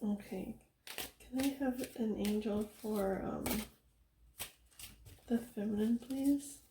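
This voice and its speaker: A young woman giving a casual tarot reading, soft-spoken and chatty, laughing often and filling her talk with "like". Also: a little high, takes it slowly, echoey room, background noise. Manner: giggly, chatty, soft-spoken, with frequent fillers. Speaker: tarot reader.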